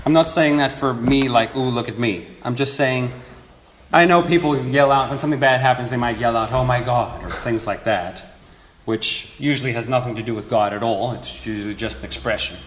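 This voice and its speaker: A man's voice: medium pitch, fairly quick. A man preaching a sermon, explaining scripture earnestly and building to emphatic points. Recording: echoey room with faint noise.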